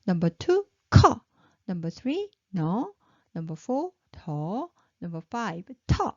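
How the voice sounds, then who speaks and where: A woman leads a patient pronunciation drill, repeating each syllable three times and cheering her learners on. Her pitch swings widely, and her voice is warm and mellow. It is a dry, close recording with a slightly dull, lo-fi sound. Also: very animated, moderate pace, no echo. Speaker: Korean language teacher. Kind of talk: slow, drilled pronunciation lesson.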